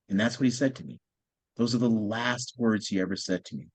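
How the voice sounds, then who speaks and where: Male guest, low voice, dry close sound, quiet heartfelt storytelling. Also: brisk, slightly rough, dry recording. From United States. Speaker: podcast guest, author. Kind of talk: personal storytelling in an interview.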